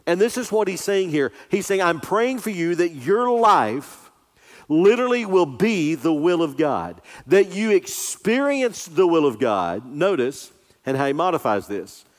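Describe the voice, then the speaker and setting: A male pastor delivers an earnest, emphatic sermon in a slightly higher voice, leaning hard on key words. His words ring out with the long reverb of a large church sanctuary. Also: big pitch swings. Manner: earnest, emphatic preaching, slowing on scripture.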